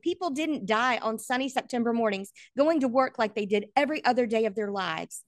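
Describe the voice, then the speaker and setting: A woman's voice: a little high, lively intonation, fairly quick, few pauses, no room sound. A woman narrating a novel aloud in an earnest, emotional way. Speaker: audiobook reader.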